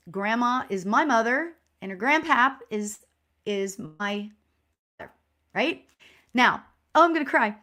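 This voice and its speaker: A woman working as a spiritual medium, giving a live online reading in a chatty, encouraging way with lots of "you know" fillers. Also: medium pitch. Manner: warm and encouraging toward viewers.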